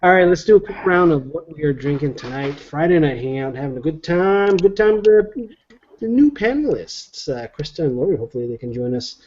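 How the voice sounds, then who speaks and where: A man's voice: on the high side, animated, a little fast, a little mellow. A man hosting a casual online panel chat, reading out viewer comments with a jokey, rambling manner. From Cape Breton, Nova Scotia. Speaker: show host. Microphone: video call. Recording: dull lo-fi web call audio.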